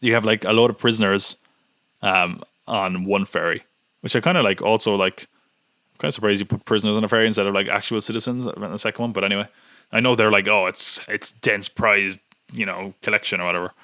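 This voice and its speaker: A man's voice: on the low side, fairly even intonation, quick pace, sharp tone, no room sound, clean studio sound. A man hosting a podcast in casual chat, rambling and nitpicking with many restarts. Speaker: podcast host.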